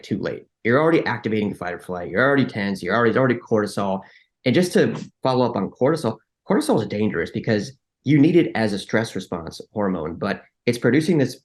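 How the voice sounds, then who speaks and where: A man with a fairly low voice talks through ideas in a relaxed interview. He often restarts his sentences and acts out little bits of inner dialogue along the way. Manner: frequent restarts and filler likes. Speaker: podcast guest. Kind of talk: conversational interview.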